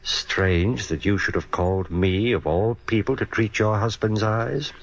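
An actor playing a calm, quietly menacing eye surgeon in a 1940s radio drama. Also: male voice, fairly low pitch, unhurried. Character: scheming middle-aged male eye surgeon, cold and bitter. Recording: dull old radio recording with faint hiss.

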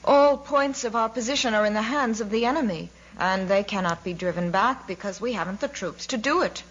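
A woman reading a haughty male officer, coolly contemptuous and matter-of-fact, in a mid-pitched voice. The recording sounds slightly dull and muffled, like a storybook reading. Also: a little fast, fairly bright tone, close to an everyday voice. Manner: cool, matter-of-fact reporting.

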